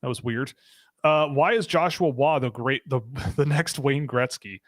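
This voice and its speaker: A man's voice: medium pitch, a little slow, no room sound. A man from Britain hosting a casual live stream, joking and laughing as he reads out chat questions. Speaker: podcast host.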